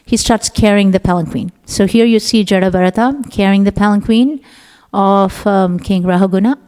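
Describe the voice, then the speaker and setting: A middle-aged woman giving a scripture class, telling the story in an animated way and acting out the voices of its characters. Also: mid-range voice, normal speed, clean tone. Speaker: class speaker. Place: temple hall. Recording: long hall reverb.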